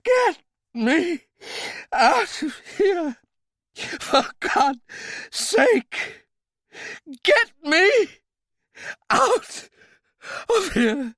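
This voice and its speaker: A man's voice: very high-pitched, very animated, very slow, long pauses, a bit bright, no echo, studio quality, voice pushed up, heavily acted. An audiobook reader voicing a terrified, suffocating male villain who pleads and shrieks for his life, gasping and out of breath. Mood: panicked pleading.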